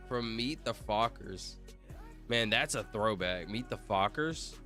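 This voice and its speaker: A man's voice: medium pitch, animated, normal speed, sharp tone, soft background music. A man casually chatting on a livestream, rambling and joking while reading viewer comments aloud. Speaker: streamer.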